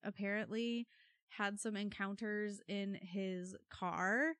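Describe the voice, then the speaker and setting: A woman co-hosting a true-crime podcast, telling the story with wry, animated asides. Her voice sits in a middle pitch. It is recorded close and dry, with no room echo. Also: slow pace. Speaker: podcast co-host.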